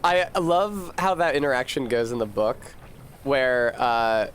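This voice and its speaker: In an unhurried, mid-range and slightly bright voice, a man chats casually while streaming a game, with a bit of hiss or hum on the recording. He's rambling and profane, and laughs frequently.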